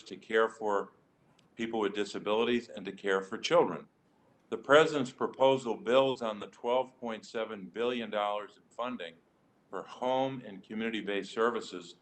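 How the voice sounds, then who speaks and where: A man, a senator at a committee hearing, delivering prepared remarks in a measured, emphatic way. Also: fairly low pitch, fairly bright tone. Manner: measured, emphatic speech-making. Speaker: senator questioning nominees.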